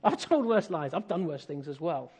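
A man's voice: fairly high pitch, very animated, moderate pace, darkish tone, breathy edge. An English man preaching a sermon, telling a family story in a conversational way with self-deprecating humour.

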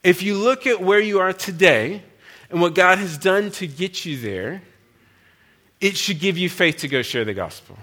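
Bright-voiced man preaching with urgency. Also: high voice, lively intonation, moderate pace. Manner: earnest, challenging, asks the crowd many questions. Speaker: guest speaker. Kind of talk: sermon.

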